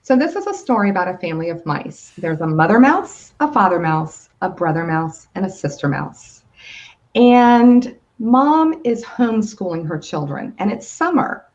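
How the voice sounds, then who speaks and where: A woman telling a children's story as a guest on a video call, lively and inviting the listener to join in. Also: mid-range voice, moderate pace, lo-fi sound.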